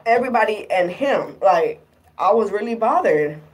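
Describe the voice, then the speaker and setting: In a casual vlog, a woman with a mid-range, expressive voice recounts her relationship troubles at normal speed. She sounds exasperated and rambles with lots of fillers, and she's recorded far from the microphone.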